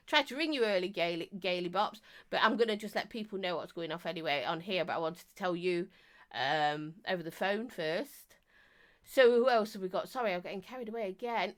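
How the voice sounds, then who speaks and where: A croaky woman chatting casually on a live stream, reviewing vapes and greeting viewers in a chatty, self-mocking way. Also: medium pitch, lively intonation, a little fast.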